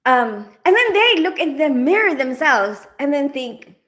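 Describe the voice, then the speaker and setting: A woman's voice: sits high, sing-song, a little slow, fairly bright tone. A woman from the Philippines with a mixed Filipino and British accent, hosting a livestream, chatting casually as she reads viewers' comments and laughing often. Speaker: livestream host. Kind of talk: casual live chat reading comments. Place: home, lit for camera.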